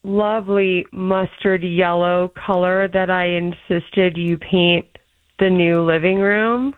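A woman's voice: lowish voice, fairly even intonation, slow pace, dry recording. A woman calling in to a radio show on the phone, sheepish and giggly as she owns up. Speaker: caller confessing on air. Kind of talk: live phone call on radio. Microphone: telephone. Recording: dry narrow phone line.

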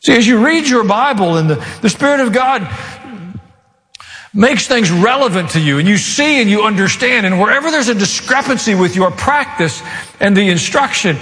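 A man preaching a sermon as pastor, with sudden rises and quiet asides. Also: extremely high pitch, expressive, normal speed. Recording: long reverb of a large hall.

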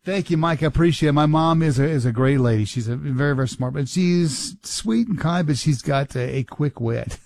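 Mellow rambling man, faint Southern accent. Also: on the high side, moderate pace, vocal fry, hardly any pauses, dry recording. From Kentucky. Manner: rambling, self-correcting, chuckles as he talks. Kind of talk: casual radio chat.

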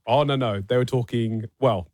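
A man's voice: medium pitch, normal speed, a little mellow, no echo. An Australian man, a radio show producer, telling a story with dry, wry humour in casual banter.

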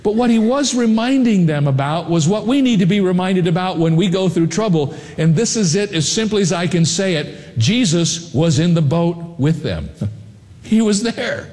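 A man preaching a sermon in earnest storytelling, slowing down to stress key lines. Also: high-pitched, expressive, a little mellow. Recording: long hall reverb.

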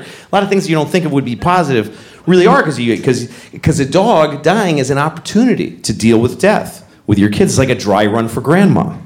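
A man doing a stand-up comedy routine, telling stories animatedly and shouting punchlines. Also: a little high. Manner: animated storytelling, acts out voices, shouts punchlines.

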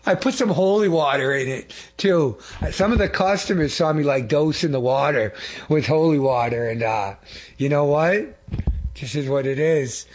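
A man's voice: on the high side, moderate pace. A man giving an earnest, informal church testimony to a congregation, rambling and often correcting himself mid-sentence.

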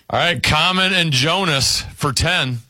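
A man hosting a word game show, briskly announcing scores and clues. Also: fairly high pitch, pushed and bright, no room sound, shouting.

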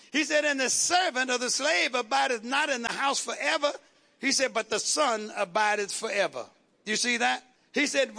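A preaching man with a very high, bright and forceful voice. He drives his sermon with rhythmic repeated phrases and keeps calling out questions to the congregation. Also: gravelly. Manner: call-and-response preaching, repetitive rhythmic phrases. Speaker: pastor.

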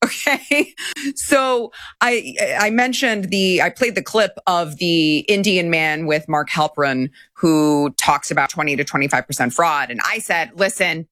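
A woman's voice: fairly low pitch, measured pace, a bit bright, no room sound, clean studio sound. Emphatic woman commentary host. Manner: emphatic, repetitive, laughing asides. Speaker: show host.

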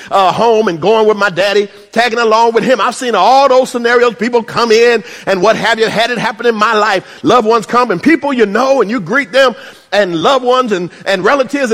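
A man preaching a sermon, swinging between shouts and hushed asides and adding humorous remarks. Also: very high voice. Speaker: pastor. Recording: reverberant hall.

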